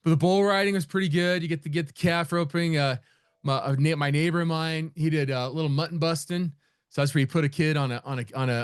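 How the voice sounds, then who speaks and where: A man's voice: a little high, smooth, no room sound, clean studio sound. A middle-aged man rambling casually as he hosts a live trading room session, with frequent restarts and laughs. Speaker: trading educator.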